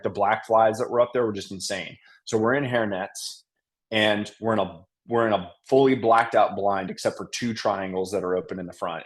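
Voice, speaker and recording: A man guesting on a podcast, telling a hunting story in a casual, animated way with frequent restarts and fillers. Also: lowish voice.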